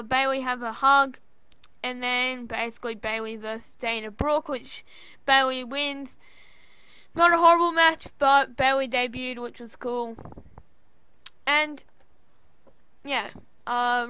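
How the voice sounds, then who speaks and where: An Australian woman rattles through a wrestling recap in a high, bright voice. She rambles, curses freely and keeps breaking into loud outbursts. The sound is close and dry, with no room around it. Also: smooth, no echo. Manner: excitable, rambling, cursing, with sudden loud outbursts. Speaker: wrestling show reviewer. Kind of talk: casual recap commentary.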